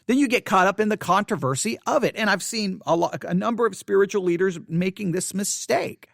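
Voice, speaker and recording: A man's voice: sits high, brisk, gravelly, a bit bright, dry recording, studio quality. A man giving impassioned solo commentary to fellow Christians, pleading and often repeating or restarting his words. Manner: pleading, frequent repetitions and restarts.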